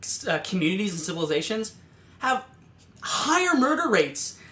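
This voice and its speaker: A man's voice: sits high, big pitch swings, normal speed, bright, forceful tone. A man guest on a casual podcast, rambling and swearing, with lots of "like". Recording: echoey room with faint noise.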